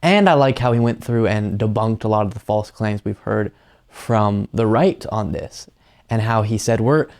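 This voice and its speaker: A man's voice: on the low side, normal speed, a little mellow. A man hosting a political commentary show, talking casually and with open opinions between news clips. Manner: conversational, opinionated, frequent um fillers.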